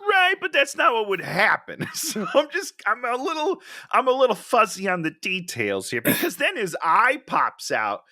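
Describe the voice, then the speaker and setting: A man's voice: high voice, moderate pace, no room sound, studio quality. A man co-hosting a casual comedic movie review podcast, ranting in disbelief and laughing often. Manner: animated, incredulous ranting with frequent laughs. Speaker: podcast co-host.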